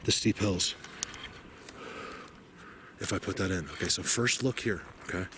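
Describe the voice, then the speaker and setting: A man vlogging outdoors in a snowy forest, emotional and awed, rambling and sometimes dropping to a hushed voice. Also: low-pitched, unhurried, background noise. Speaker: vlogger exploring the woods. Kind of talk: excited outdoor vlog narration.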